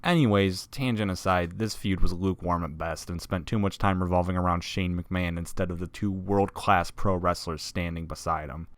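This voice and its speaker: A man hosting a wrestling countdown video, narrating from a script with sarcasm and swearing and sudden loud emphasis. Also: deep voice, steady tone, moderate pace, hardly any pauses, no room sound. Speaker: wrestling list video host.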